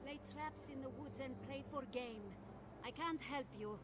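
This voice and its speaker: A woman's voice: sits high, normal speed, heavy background noise, lightly acted. An actress playing a weary woman official in a video game, patiently and firmly turning away hungry villagers. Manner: patient, firm, tired refusals. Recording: game audio under loud music.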